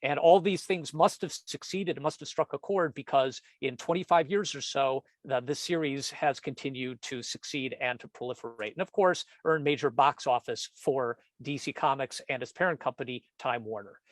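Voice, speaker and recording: A man's voice: mid-range voice, normal speed, few pauses, dry recording. Joking man giving a storytelling talk. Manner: jokey asides, animated, self-interrupting. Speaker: presenter, comics editor and cartoonist. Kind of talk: storytelling presentation.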